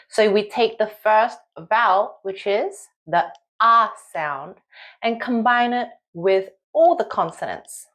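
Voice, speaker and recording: A woman's voice: on the high side, a bit bright. A woman with a Korean accent teaching beginners, reading syllable drills aloud for listeners to repeat. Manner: reads syllables aloud one by one in careful drill rhythm.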